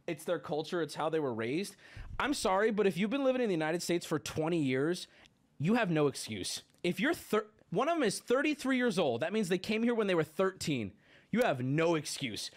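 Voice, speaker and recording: Late 20s guy streamer going off on a rant, swears a lot, voice swings up and down all over. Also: very high voice. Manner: indignant, swearing, ranting loudly. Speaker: livestream host. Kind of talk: casual livestream rant.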